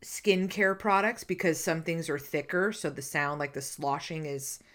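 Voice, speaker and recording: Lady podcast host, low voice, swears a lot, teasing sarcastic chat. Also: steady tone, a bit bright. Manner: profane, sarcastic, fast banter. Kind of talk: casual chat.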